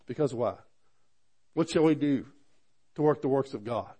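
A man's voice: medium pitch, moderate pace, warm tone, slightly rough. A middle-aged man preaching a sermon, reading scripture aloud, asking the congregation questions, and often stammering and restarting.

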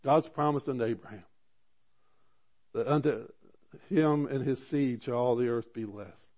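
A man's voice: medium pitch, unhurried, a little mellow. A middle-aged man preaching a sermon, reading scripture aloud, asking the congregation questions, and often stammering and restarting.

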